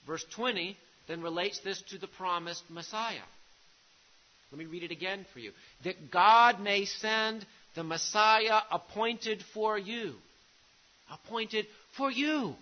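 Male preacher, higher than usual pitch, emphatic sermon delivery, muffled lo-fi recording. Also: slow pace. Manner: emphatic preaching, repeats key phrases, drops to a hush on grave lines.

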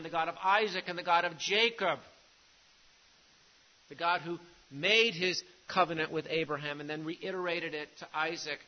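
A man with a fairly high voice delivers a sermon, pressing his points by repeating key phrases and sinking to a hush on the grave ones. The recording sounds dull and muffled. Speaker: preacher.

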